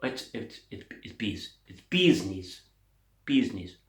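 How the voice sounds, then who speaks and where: A man tells a rambling joke straight to camera. His pitch swings up and down as he goes. The room around him is echoey. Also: slow pace. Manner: rambling, animated, puts on character voices. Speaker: comedian. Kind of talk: stand-up joke telling to camera.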